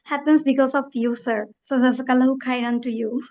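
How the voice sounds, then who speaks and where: Polite high-voiced woman student. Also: steady tone, brisk. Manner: polite, formal greetings. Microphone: video call. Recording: dull lo-fi call audio.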